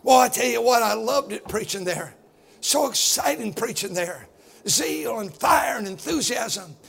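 A middle-aged man preaching a fiery sermon as pastor, loud and boisterous, building to shouts. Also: very high-pitched, expressive, unhurried, vocal fry, husky.

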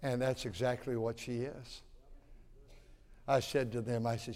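A man's voice: mid-range voice, flat delivery, a little slow, darkish tone. Emphatic male preacher in an echoing church. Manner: emphatic and repetitive, with folksy asides. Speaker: pastor. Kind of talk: sermon. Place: church sanctuary. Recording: long church hall reverb.

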